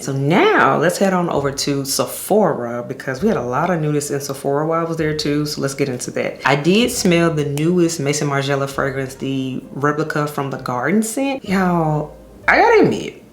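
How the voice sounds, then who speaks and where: A woman's voice: extremely low pitch, a little hiss or hum. Enthusiastic woman in an echoey room. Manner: enthusiastic, addresses viewers as y'all. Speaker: fragrance reviewer. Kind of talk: casual vlog chat to camera. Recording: echoey room with faint ambience.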